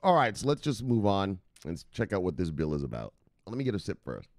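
A brash, profane man talks straight to his viewers in casual solo commentary. His pitch swings all over the place, and he chuckles as he goes. The recording is dry and close, with no room sound. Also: sing-song, quick pace, darkish tone, dry recording. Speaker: host of a crypto news channel.

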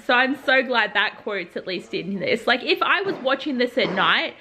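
Brief: young female book vlogger, casual and chatty, slightly higher pitch, lots of "like". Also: moderate pace, slight background noise. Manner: chatty, full of "like" fillers, excited asides. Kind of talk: casual reaction vlog. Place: at home in pajamas.

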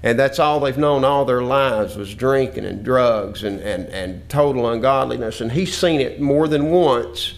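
A man with a drawl delivers a sermon lesson in a voice of ordinary middle pitch. He quotes scripture earnestly and circles back to repeat his points. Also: a little slow, creaky, few pauses. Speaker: preacher.

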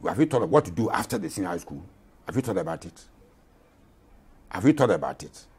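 An elderly man in his eighties, from Ghana, speaks in an impassioned, emphatic way, often repeating his points. His voice is husky and slightly rough. His pitch swings widely between high and low as he argues. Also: very animated, fast talker, a little mellow. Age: 80s. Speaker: retired general, guest. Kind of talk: interview.

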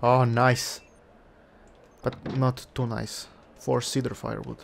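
A man with a gravelly, fry-laden voice narrates his survival game as he plays, half muttering to himself and coaxing the game along. Faint noise hums under the recording. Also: medium pitch, level tone, slow. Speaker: let's play gamer. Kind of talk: casual gameplay commentary.

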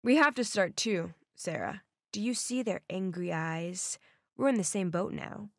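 A woman voicing a charming, protective teenage boy in an animated story, speaking calmly and teasingly. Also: mid-range voice, a little slow, vocal fry, no room sound, studio quality.

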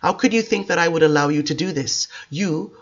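A man's voice: fairly high pitch, brisk, fairly bright tone. A man reading the lines of an ancient, burnt, bald vampire elder who rails in self-pity and defends himself, in an audiobook with a dull lo-fi sound. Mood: scornful. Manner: railing, self-pitying and defensive.

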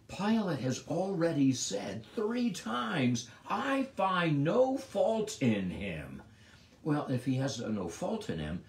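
A middle-aged man giving a devotional Bible teaching as a pastor, moving between emphatic lines and hushed ones. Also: medium pitch, echoey room. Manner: expressive, swings from emphatic to hushed.

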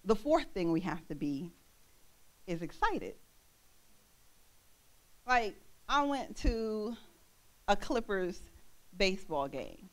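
A young woman ministering in a church, preaching an animated sermon and acting out the voices of the people in her stories. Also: mid-range voice, slow pace, pauses often. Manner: animated, acts out quoted voices, laughs.

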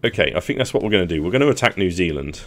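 A man with a deep, low-pitched voice chats casually over a strategy game. He thinks aloud, weighing each move as he makes it, like a gaming channel host. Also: animated, rapid-fire. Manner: thinking aloud while planning moves. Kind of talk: casual gameplay commentary.

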